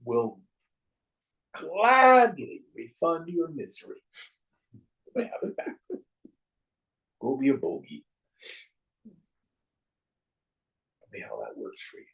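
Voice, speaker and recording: A man's voice: on the high side, sing-song, takes it slowly, vocal fry, long pauses, a bit bright, low-quality recording. A man teaching a class on spiritual verses, telling stories in a wry, joking way.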